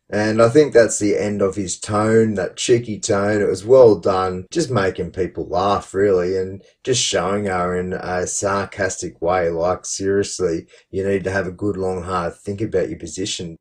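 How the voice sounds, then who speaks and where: A man's voice: fairly low pitch, a little mellow, recorded from a distance. A man hosting commentary, reading out online comments and remarking on them in a wry, matter-of-fact way. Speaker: commentary host.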